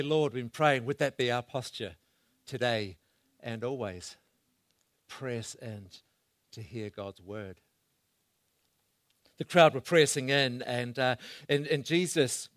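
A man preaching a sermon, swinging between loud bursts and hushed asides as he asks the congregation questions. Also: mid-range voice, dry recording, studio quality.

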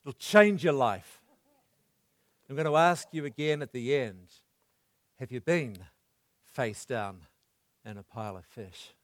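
A man preaching a sermon, swinging between loud bursts and hushed asides as he asks the congregation questions. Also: medium pitch, expressive, measured pace, pauses often, dry recording, studio quality.

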